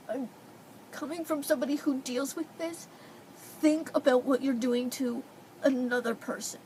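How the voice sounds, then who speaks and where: A woman's voice: high-pitched, a little mellow, slight background noise, poor audio. A young woman vlogging at home, crying and sniffling as she talks in a tearful, pleading way. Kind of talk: emotional personal vlog. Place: indoors at home.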